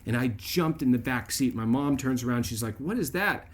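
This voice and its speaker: A man hosting his own video, telling a childhood story in a chatty, animated way that turns into a faith message, often checking in with "right?". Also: mid-range voice, brisk. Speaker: video host.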